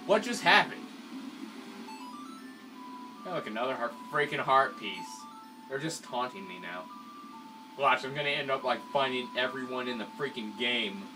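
A man casually commentating a video game he is playing, often excitable and given to sudden shouts. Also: medium pitch, moderate pace, long pauses. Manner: excitable, swings from mumbling to yelling. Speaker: let's play commentator. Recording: distant mic with loud game music.

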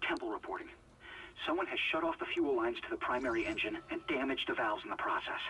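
A gruff engineer's audio log. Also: male voice, medium pitch, animated, quick pace, pushed and bright. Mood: grim. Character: male ship engineer giving a log report. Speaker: game character in an audio log. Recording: distant, faint noisy audio log.

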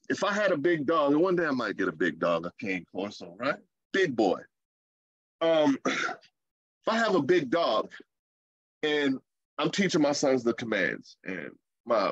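A man preaching a sermon in a lively, conversational way, with playful asides. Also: medium pitch, a little slow, no echo, dull audio.

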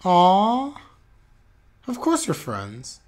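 A man's voice: high-pitched, wildly swooping pitch, very slow. A man reacting live to an anime episode on his stream, chatty and openly emotional.

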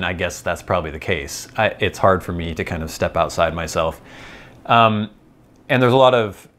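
A man with a General American accent, his voice sitting fairly low. He talks in a loose, rambling way, thinking aloud and explaining as he goes. It sounds like a relaxed solo vlog. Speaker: vlogger. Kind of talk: casual rambling monologue.

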